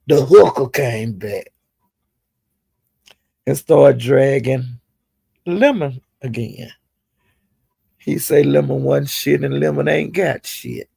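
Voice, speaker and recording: This man talks slowly in a medium-pitched, mellow, slightly rough and creaky voice, pausing often as he delivers profane, casual gossip about online live streams. He berates the people in question by speaking to them directly, with no echo present.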